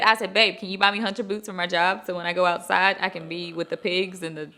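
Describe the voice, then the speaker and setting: A woman hosting a casual chat show, talking in an animated, chatty and playful way. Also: lowish voice, fast talker. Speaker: host.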